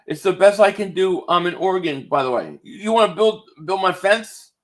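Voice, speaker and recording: Excitable high-voiced male game streamer. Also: moderate pace. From Philadelphia area. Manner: loose and excitable, swearing, reading chat aloud. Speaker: streamer reacting to a football game. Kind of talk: casual live-stream chat and play-by-play. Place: home, indoors.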